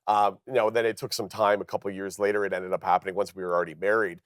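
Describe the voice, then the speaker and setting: A Canadian comedian in his thirties tells animated stories as a guest on a television talk show, lively and acting out quoted dialogue in higher voices. He talks at a racing pace, and the studio-quality sound has no room echo.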